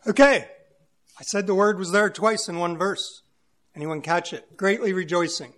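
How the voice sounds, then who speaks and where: Man, pastor, high voice, earnest emphatic sermon delivery. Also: moderate pace, a bit bright. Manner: earnest, emphatic, searching for words. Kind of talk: sermon with scripture reading.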